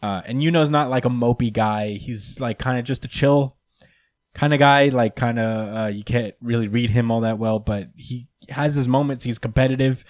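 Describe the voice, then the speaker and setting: A man's voice: medium pitch, normal speed, a little mellow, no room sound. A young man hosting a casual podcast chat, rambling and hedging with fillers like "um" and "like" as he thinks aloud. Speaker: podcast host.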